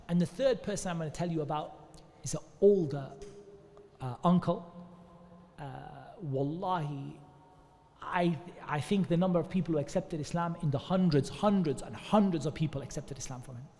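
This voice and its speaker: High-voiced man preaching in a hall. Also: darkish tone. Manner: earnest, conversational, repeats devotional phrases. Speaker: preacher giving religious advice. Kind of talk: informal religious advice talk.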